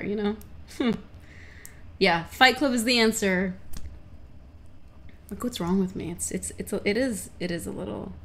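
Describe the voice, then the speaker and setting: Chatty young woman with a gravelly edge. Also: mid-range voice. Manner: chatty, excitable, swears casually. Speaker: livestreamer answering chat questions. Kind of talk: casual chat.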